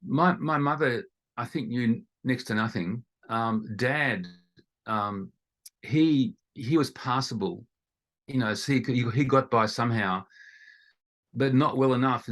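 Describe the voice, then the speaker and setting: A man's voice: medium pitch, a bit bright. A middle-aged Australian man, a guest in an interview, talking in a rambling way with many restarts. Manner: rambling, with frequent restarts and fillers. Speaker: guest, ESL teacher. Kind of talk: conversational interview.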